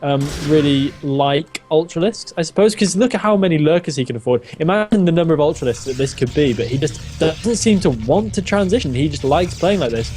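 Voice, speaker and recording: Male co-caster for a game match, high-ish voice, rapid delivery, soft music behind. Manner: excitable, laughs often. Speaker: esports caster. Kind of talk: live game commentary.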